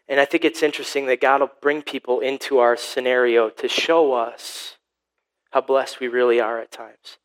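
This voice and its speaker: A man's voice: medium pitch, poor audio. A man in his thirties, a pastor giving a sermon, rambling and repeating words as he tells a family story.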